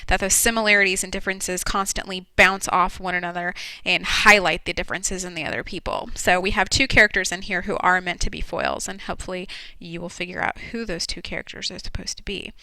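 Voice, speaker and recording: A woman teacher talks through a lesson in a casual, explanatory way, dropping plenty of ums along the way. Her voice is bright and smooth, and the recording is dry and close. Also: fairly low pitch, fairly even intonation, brisk, few pauses, no echo, low-quality recording. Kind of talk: classroom lecture video.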